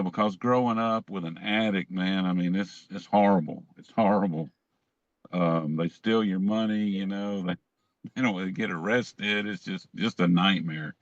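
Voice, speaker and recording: Man guest, lowish voice, meandering and self-amused; dry, dull-ish recording. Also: no echo. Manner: rambling, self-amused anecdotes with restarts. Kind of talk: casual storytelling.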